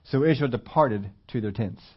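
A man preaching a conversational sermon, at times rising loud and emphatic. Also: mid-range voice, normal speed, breathy edge, highs cut off. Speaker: pastor.

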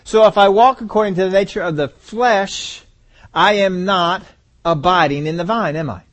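Preacher asking rhetorical questions. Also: male voice, sits high, moderate pace. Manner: repeats phrases for emphasis. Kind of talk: sermon.

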